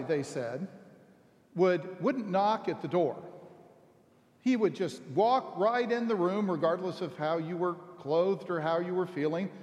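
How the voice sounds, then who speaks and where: A pastor delivering a sermon, reading scripture and telling stories in a measured, deliberate way. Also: male voice, high voice, a little mellow, long reverb tail. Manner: measured, storytelling delivery with slow deliberate phrasing.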